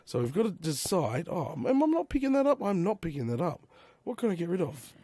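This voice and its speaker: An Australian man with a hoarse, failing voice, chatting casually to himself while he plays a game. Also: high voice, wildly swooping pitch, fairly quick, dark tone, no room sound. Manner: chatty, muttering to himself with slang exclamations. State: hoarse, losing his voice. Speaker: gaming YouTuber. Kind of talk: casual gameplay commentary.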